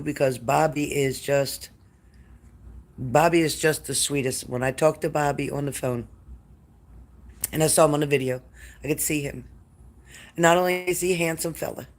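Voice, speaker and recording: This psychic reader, whose voice leans high, does readings on a live stream. He talks directly to viewers by name and grows more emotional the longer he speaks.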